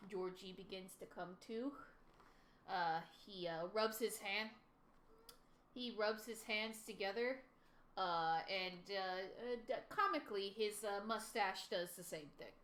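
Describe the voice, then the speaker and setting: Echoey, halting woman game master. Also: mid-range voice, a bit bright. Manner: halting, filler-heavy narration. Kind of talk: narrating a tabletop game. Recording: echoey room.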